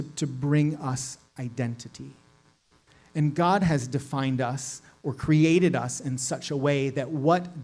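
A man's voice: medium pitch, a little mellow. Earnest man from New York. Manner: earnest, reflective, thinks aloud. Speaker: speaker sharing faith reflections. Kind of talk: informal faith talk.

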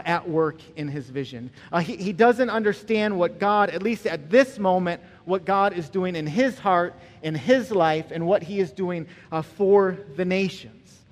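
A male pastor preaches in an animated, conversational way, often checking in with his listeners. His voice sits high for a man. The long reverb of a large hall hangs behind it. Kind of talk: sermon.

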